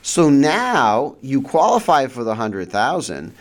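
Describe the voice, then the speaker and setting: A man hosting a real estate advice show, talking casually with frequent restarts, rhetorical "right?" checks and sudden jumps in pitch for emphasis. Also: sing-song, takes it slowly. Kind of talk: casual explanatory monologue. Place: central New York region.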